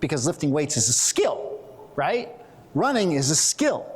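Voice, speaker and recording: A middle-aged man giving a conference talk, animated and joking, telling quick stories to make his points. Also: a little high, breathy edge. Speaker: conference presenter. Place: conference hall.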